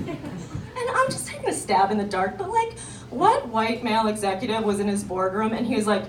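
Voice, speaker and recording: Young woman doing animated stand-up, echoey. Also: a little high, moderate pace. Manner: animated storytelling with voiced quotes and laughter. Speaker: stand-up comedian. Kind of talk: stand-up comedy set. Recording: roomy live venue from a distance, audience noise.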